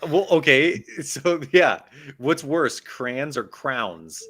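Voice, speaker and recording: A man's voice: medium pitch, sing-song, slow, fairly bright tone. A man co-hosting a casual sports podcast, joking in a slangy, incredulous way. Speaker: podcast co-host.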